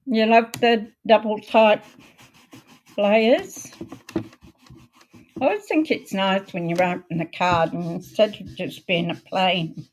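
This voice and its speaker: A woman hosting a card-making video, chatting in a homely way while she works, her voice a little croaky. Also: medium pitch, slight background noise. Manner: chatty, homely, unhurried, talks while working. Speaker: craft video host. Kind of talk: casual crafting demo chat.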